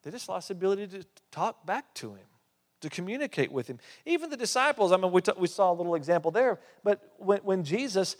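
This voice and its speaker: A male pastor preaching a sermon, with emphatic rises and hushed drops. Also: high voice, expressive, fast talker. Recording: long hall reverb.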